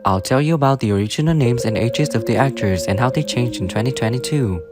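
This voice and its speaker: A man narrating a video in a flat, list-like scripted read. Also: mid-range voice, fast, over loud music. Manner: flat, list-like reading of names and ages. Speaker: narrator of a cast then-and-now video.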